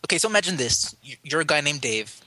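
A man co-hosting a casual podcast, telling a story with animated retelling and quoted voices. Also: fairly high pitch, quick pace. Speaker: podcast co-host.

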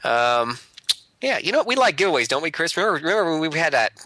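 A man co-hosting a casual podcast, rambling along with lots of filler pauses. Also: on the high side, very animated, pushed and bright, no room sound. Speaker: podcast co-host. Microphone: remote call.

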